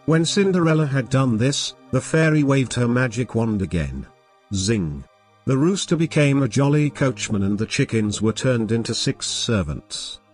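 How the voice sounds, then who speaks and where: A man narrates a fairy tale as a bedtime story, reading calmly, gently and steadily. His voice sits at a plain middle pitch. Faint music plays quietly underneath. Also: normal speed. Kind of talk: scripted narration.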